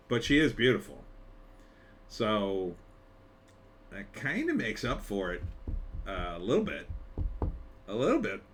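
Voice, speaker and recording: A man with a lowish voice talks through a movie trailer in loose, offhand commentary. His pitch swings widely as he rambles and tosses in wry asides. A faint hum of ambience sits behind him. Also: fairly bright tone. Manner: rambling, conversational, with frequent fillers and wry asides. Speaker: screenwriter reviewing a trailer. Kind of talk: casual commentary.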